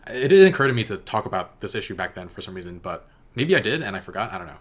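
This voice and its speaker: A man's voice: lowish voice, very animated, quick pace. A man giving a casual spoken review of a TV episode, rambling and hesitant with many fillers and self-corrections. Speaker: TV reaction reviewer.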